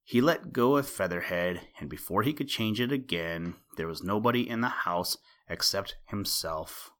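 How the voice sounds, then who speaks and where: A man reading a children's story aloud as the podcast host, gentle and unhurried, with rhyming asides. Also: sits low. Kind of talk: storybook read-aloud narration.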